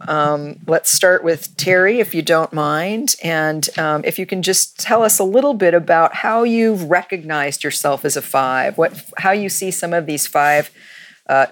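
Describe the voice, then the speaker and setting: A woman moderating a panel who gently invites a guest to speak, with some fillers. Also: deep voice.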